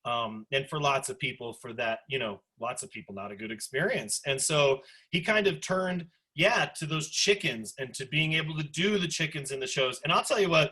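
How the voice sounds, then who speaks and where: Forties man, instructor, bright and husky voice, lively asides, video call. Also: fairly high pitch. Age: 40s. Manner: animated, chatty, lots of asides. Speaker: sociology instructor. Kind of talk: online class discussion lecture.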